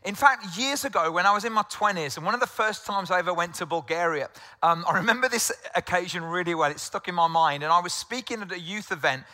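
English male pastor, middle-aged, conversational sermon; high bright voice, reverberant hall. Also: fast. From England. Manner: conversational storytelling preacher, with restarts and rhetorical questions.

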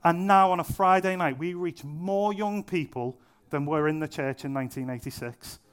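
A young preacher delivers his sermon in a relaxed, chatty way, slipping in little jokes at his own expense. His voice sits a bit higher than most men's, and he leans on repetition to hammer each point home. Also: moderate pace, clean tone. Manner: conversational, self-deprecating humour, emphatic repetition. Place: church venue.

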